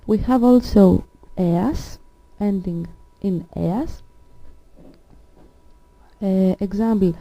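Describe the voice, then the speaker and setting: A Greek-speaking woman teaching a language lesson, explaining slowly and patiently with frequent pauses and fillers. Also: medium pitch, warm tone, dry recording, poor audio.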